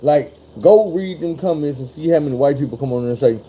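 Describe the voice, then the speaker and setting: A man speaking talks in a loose, profane commentary style. His voice is mellow and dark with a husky grain, sitting a bit high for a man. He gets animated and slips into other voices as he retells what happened. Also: fast talker.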